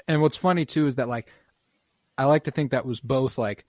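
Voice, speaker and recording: A young man hosting a casual podcast, retelling scenes in a relaxed, profane way with quick quoted lines. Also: mid-range voice, no room sound, studio quality. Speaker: podcast host. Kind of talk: casual podcast chat recapping a show.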